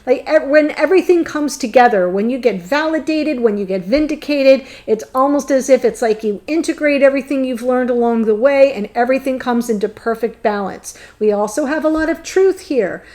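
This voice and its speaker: A woman's voice: on the high side, a little mellow. A woman reading tarot cards alone to her viewers, talking in an earnest, flowing way with frequent ums. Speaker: tarot reader. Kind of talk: solo tarot reading to camera.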